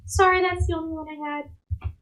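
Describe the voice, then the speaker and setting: A woman's voice: extremely high pitch, fairly even intonation, normal speed, fairly bright tone, pitched above the performer's own voice, rough recording. A woman voicing a small, timid young girl who pleads and apologizes.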